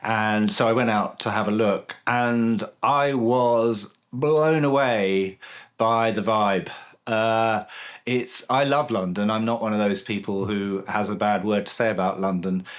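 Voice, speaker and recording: Low-voiced man telling an earnest story. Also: a little slow. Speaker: podcast host. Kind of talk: casual conversational interview.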